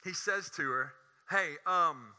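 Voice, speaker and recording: A man, preaching a sermon and telling a personal story in an animated, conversational way. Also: a little high, takes it slowly. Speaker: pastor.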